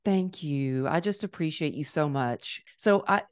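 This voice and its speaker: Low-voiced woman host telling a story. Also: unhurried, no echo, studio quality. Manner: animated storyteller, acts out quoted voices. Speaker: podcast host. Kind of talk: conversational interview storytelling.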